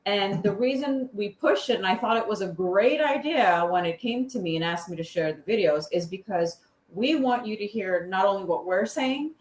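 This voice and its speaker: A woman's voice: medium pitch, animated, moderate pace, hardly any pauses, roomy sound. A woman co-hosting a casual live chat show, reading out viewer comments and laughing easily. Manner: giggly, reads out comments.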